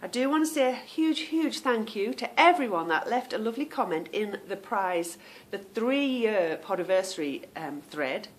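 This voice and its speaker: A woman's voice: medium pitch, expressive, normal speed, few pauses. A woman hosting a knitting podcast, chatting casually to viewers, rambling off on tangents and stumbling over unfamiliar names.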